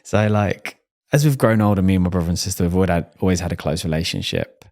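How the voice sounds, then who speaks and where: A man with a low voice hosts a casual podcast talk indoors. His manner is open and candid, and he laughs easily. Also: fast, a little mellow. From England. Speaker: podcast host.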